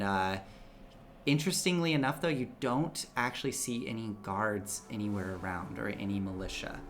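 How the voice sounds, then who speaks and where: A man's voice: lowish voice, fairly bright tone, a little hiss or hum. A man running a tabletop game as game master, narrating in a casual, rambling way with many fillers.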